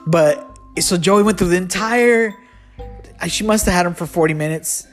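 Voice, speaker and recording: A man's voice: high-pitched, moderate pace, soft background music. A man telling a casual storytime anecdote, rambling and restarting often, laughing at his own story.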